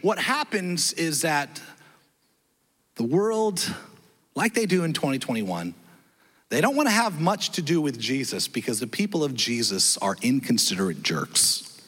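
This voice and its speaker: A man pastor preaching a sermon in a church, telling a story with lively, self-deprecating delivery and acting out the dialogue. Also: mid-range voice, normal speed, husky, in a large hall. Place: church sanctuary.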